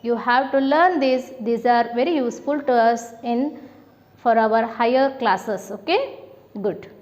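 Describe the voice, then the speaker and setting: A woman with a Kannada-influenced Indian accent teaching an English lesson to young children, slowly coaxing them with questions and praise. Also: a little high, a little mellow, big-room sound, lo-fi sound. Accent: Indian, Kannada-speaking. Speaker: primary school teacher.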